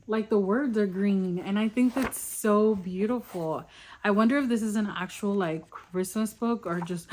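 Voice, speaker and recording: A young woman chatting casually in a reading vlog, gushing and easily delighted. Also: mid-range voice. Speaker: book vlogger.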